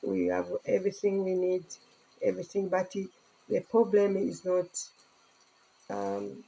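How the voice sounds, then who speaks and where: Middle-aged woman from Tanzania, earnest casual vlog to phone, mellow husky tone. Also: on the low side, sing-song, unhurried, rough recording. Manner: earnest, speaking broken English with laughter. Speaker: vlogger.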